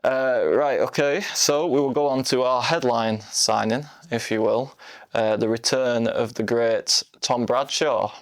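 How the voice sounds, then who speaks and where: A man's voice: mid-range voice, steady tone, unhurried, no room sound, clean studio sound. Blunt man talking football. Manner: blunt, swears casually, laughs often. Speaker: podcast co-host. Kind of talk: casual football chat.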